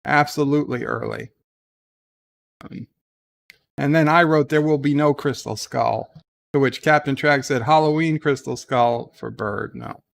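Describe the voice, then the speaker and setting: A man's voice: medium pitch, measured pace, gravelly. A man hosting a casual live stream, chatting and rambling as he reads viewer comments aloud. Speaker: live-stream host reading chat.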